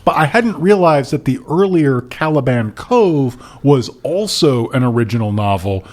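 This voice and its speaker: A man's voice: medium pitch, expressive, normal speed, darkish tone. A man co-hosting a podcast in casual chat, joking, swearing and laughing as he talks. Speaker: podcast co-host.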